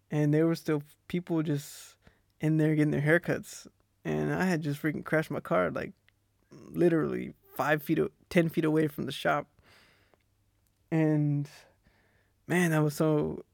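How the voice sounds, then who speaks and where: Gravelly young Texan man telling a story. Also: a little high, no room sound, studio quality. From Texas. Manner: relaxed, rambling, laughs often. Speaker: podcast host. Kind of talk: casual storytelling monologue. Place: Australia.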